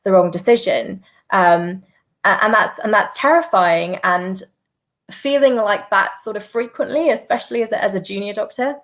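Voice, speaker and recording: A woman's voice: mid-range voice, normal speed, a bit bright. A woman who used to be a doctor, hosting a podcast interview, speaking reflectively with frequent fillers and repeated words. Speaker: podcast host, former doctor. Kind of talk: conversational interview.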